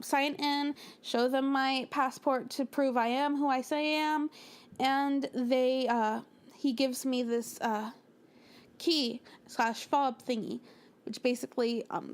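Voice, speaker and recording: A young woman from the United States, telling a storytime over a speedpaint in an animated way. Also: high-pitched, clean tone. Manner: animated, acts out quoted lines with little voices and laughs. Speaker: storytime narrator.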